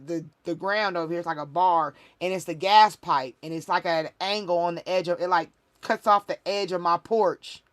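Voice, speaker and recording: Woman livestream host, spiritual reader, emphatic and preachy, casual and rambling. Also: on the low side.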